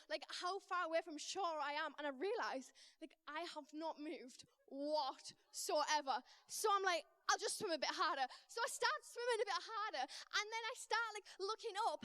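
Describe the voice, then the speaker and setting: A young woman with a high, bright voice preaches in a church. She tells her story with comic timing and plays up her own panic in her delivery. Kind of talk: sermon with a personal story.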